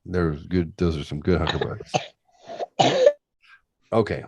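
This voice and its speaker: Brief: very low-voiced male podcast host, profane and ranting, dead-dry room. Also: takes it slowly, creaky, breathy edge, no room sound. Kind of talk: casual chat, reading aloud. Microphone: close podcast mic.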